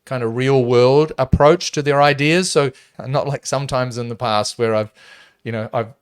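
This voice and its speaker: A man speaks as a podcast guest, emphatic and lively, often restarting his sentences. His voice sits at an everyday middle pitch. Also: normal speed, smooth. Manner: emphatic, animated, frequent restarts. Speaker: property developer guest. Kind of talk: casual podcast interview.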